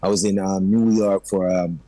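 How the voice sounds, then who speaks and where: Jamaican man, dancehall artist in a studio interview, animated and chatty, patois slipping in, lowish voice, dry studio sound. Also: normal speed, dry recording, low-quality recording. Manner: animated, keeps saying "you know what I mean"; slips into patois. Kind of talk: radio interview. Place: radio studio.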